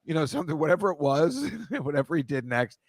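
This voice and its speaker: A man's voice: fairly high pitch, very animated, fast talker, no echo. Guy rambling to his stream viewers, keeps cutting himself off, dead dry room. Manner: rambling, self-interrupting, joking asides. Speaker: host reading viewer comments. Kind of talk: casual live-stream chat.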